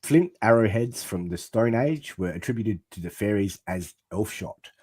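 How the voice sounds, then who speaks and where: Husky low-voiced man reading aloud. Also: animated, darkish tone, dry recording. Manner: reads text aloud haltingly, stumbling over words. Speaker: podcast co-host. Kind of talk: casual chat, reading aloud.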